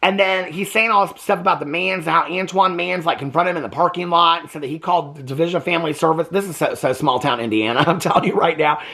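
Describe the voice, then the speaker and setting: A man hosting a reaction video, recapping a documentary in casual, exasperated commentary with quick asides. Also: fairly high pitch, gravelly, pushed and bright.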